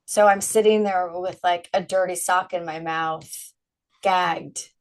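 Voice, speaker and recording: A woman's voice: fairly low pitch, fairly even intonation, a little slow, rough recording. A middle-aged woman being interviewed, talking frankly and animatedly and laughing often. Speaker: guest, brand founder. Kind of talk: candid interview conversation.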